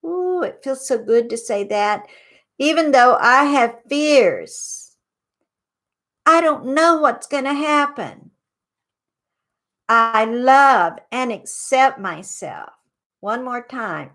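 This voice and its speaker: A woman hosts a psychic advice show, leading a guided tapping exercise. Her voice sits a little high, and her pace is slow and unhurried. She talks gently and asks the listener to repeat after her. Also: lively intonation. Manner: slow, soothing guided instructions.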